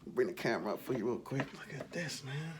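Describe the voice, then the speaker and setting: Man, casual vlog host, slightly winded, excitable chatter, loud background noise, mid pitch. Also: fast. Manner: excitable, chatty, says "man" and "y'all" a lot. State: slightly out of breath. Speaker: RC car channel host.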